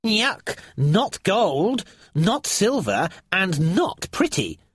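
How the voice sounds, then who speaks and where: A man voicing a greedy, mischievous treasure-hungry creature in a storybook reading, with a squeaky, taunting delivery. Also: very animated, very slow, fairly bright tone, breathy edge, no room sound, full character voice. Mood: mocking.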